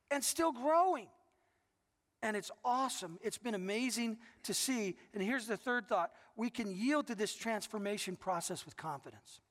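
A middle-aged man serving as pastor gives a sermon full of heartfelt stories, repeatedly restarting his lines. His voice is high and fairly bright, with the long reverb of a large hall behind it.

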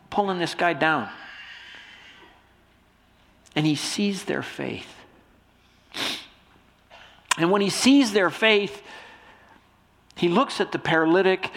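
A male pastor preaching a sermon with a stuffy nose, swinging between loud emphasis and soft hushed lines. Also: sits high.

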